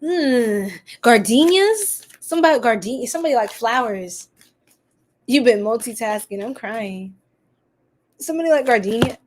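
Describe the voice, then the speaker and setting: A woman reads tarot on a casual live stream, her voice sitting somewhat high. She is sassy and animated, exclaiming over the cards and chatting with viewers. A faint background hiss runs under her voice. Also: normal speed.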